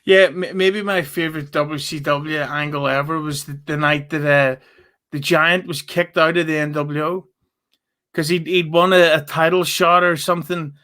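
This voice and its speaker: High, bright man. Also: fairly even intonation, normal speed. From Northern Ireland. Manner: swears freely, self-mocking humor. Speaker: podcast guest. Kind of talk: casual chat.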